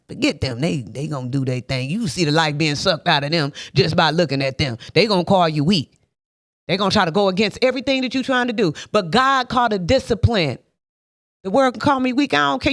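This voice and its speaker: A woman's voice: fairly high pitch, fairly bright tone, no room sound, studio quality. A woman giving a motivational faith talk, emphatic and repetitive like a preacher, with rhetorical questions and frequent laughs. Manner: laughs often between points.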